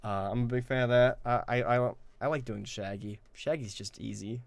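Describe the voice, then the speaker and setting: With vocal fry and a mid-range voice at a moderate pace, this Irishman talks casually as a guest game master in an interview. He rambles, puts himself down, and fills his speech with fillers and restarts.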